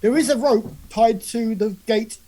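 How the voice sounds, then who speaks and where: Chatty woman with a mellow voice at the game table. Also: on the high side. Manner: excited, rambling, quick asides. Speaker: player.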